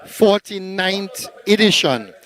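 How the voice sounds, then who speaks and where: A man talks through a community sports day, rambling and chatty with plenty of fillers. His voice sits a little high. He is seated outdoors at the ground. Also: animated, slow pace, fairly bright tone. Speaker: event host. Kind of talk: live event commentary.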